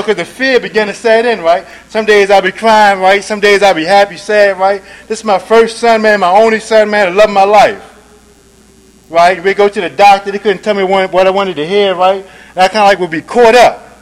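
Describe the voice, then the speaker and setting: At a moderate pace and with fairly even intonation, a man shares his recovery story at a meeting, casually adding "man," "right?" and "you dig?" He drifts between low, quiet passages and emphatic, louder ones; the recording is low quality.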